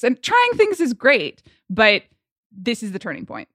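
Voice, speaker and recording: A woman co-hosting a film podcast, speaking candidly and thinking out loud. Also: on the high side, wildly swooping pitch, unhurried, dry recording, studio quality. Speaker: podcast co-host. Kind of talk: casual film-review chat.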